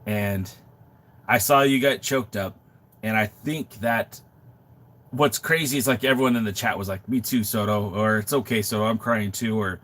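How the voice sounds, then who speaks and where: A middle-aged man from Southern California talks in a fairly low voice, sounding under the weather with a sore throat and runny nose. He chats casually on a live stream through a webcam mic in a makeshift home studio, often restarting and reflecting as he goes. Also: moderate pace, fairly bright tone. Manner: conversational, with frequent restarts and reflective asides. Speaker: wrestling podcast co-host.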